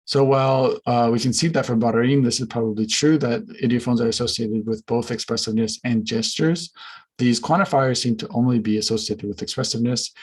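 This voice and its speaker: A man presenting research findings in an academic conference talk, measured and careful, with frequent fillers and restarts. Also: medium pitch, steady tone, slightly rough, poor audio.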